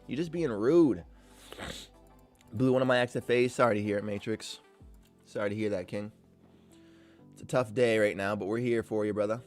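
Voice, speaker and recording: A man streaming his day trades live, pleading and arguing with the market as if it could hear him. His voice jumps up in frustrated outbursts and then drops to low grumbles while he answers chat. Faint music plays underneath. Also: moderate pace, long pauses, a little mellow.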